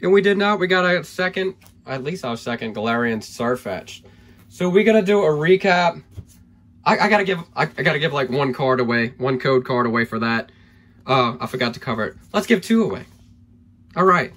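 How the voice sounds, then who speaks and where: A man opening trading card packs on camera, excitable and hyped, thinking aloud as he goes and losing his voice. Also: a little high, normal speed. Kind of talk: excited pack-opening vlog.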